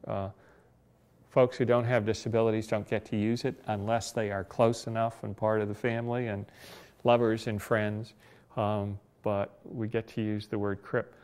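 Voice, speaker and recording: A man's voice: fairly low pitch, level tone, normal speed, a little mellow, clean tone. A man in his sixties, a disability rights advocate, telling personal anecdotes in an oral history interview with a wry, reflective humor.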